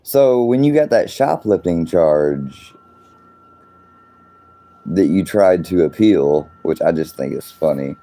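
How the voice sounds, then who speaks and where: A man's voice: low-pitched, lively intonation, slow pace, pauses often, mellow. A man hosting a livestream, ranting in a casual, profane, exasperated way and rambling as he talks to his chat. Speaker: livestream host.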